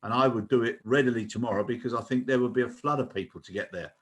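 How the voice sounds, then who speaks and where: A man's voice: mid-range voice, fast talker, breathy edge. An older man co-hosting a podcast, chatting earnestly and making his case. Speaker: co-host. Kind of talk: casual podcast chat.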